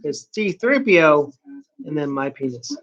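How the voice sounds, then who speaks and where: A man vlogging in a casual late-night monologue, rambling and confessional with hushed asides. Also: fairly high pitch, sing-song, a little slow, highs cut off.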